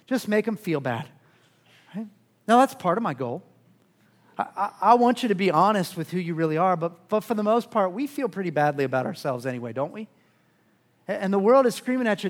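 A middle-aged man preaching a sermon as pastor, earnest, often stumbling over repeated words as he starts a sentence. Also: high-pitched.

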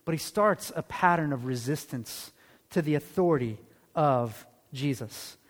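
On the high side and animated, this male pastor delivers a sermon in a church sanctuary. He keeps a conversational tone and checks in with the congregation through quick rhetorical questions, while a long hall reverb trails his words.

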